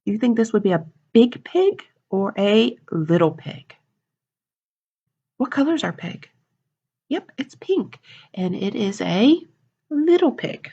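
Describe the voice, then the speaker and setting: Animated woman reading children's storytime. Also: mid-range voice, creaky, slightly rough. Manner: animated, asks children questions. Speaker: children's librarian. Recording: dull lo-fi recording.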